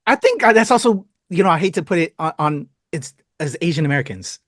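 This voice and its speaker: A man's voice: on the high side, lively intonation, quick pace, a bit bright. A Filipino man hosting an interview, eager and encouraging toward his guest. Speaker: interviewer, host. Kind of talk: interview chat.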